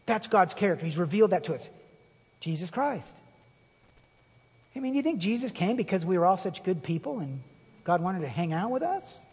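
A man preaching a sermon as a pastor, animated and emphatic, with a husky voice. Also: high voice. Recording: long reverb of a hall.

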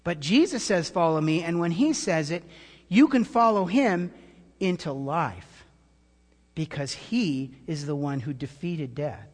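A man preaching as pastor, with animated delivery that swings between hushed, tender passages and loud, shouted calls. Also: a little high, unhurried, long reverb tail. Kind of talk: sermon.

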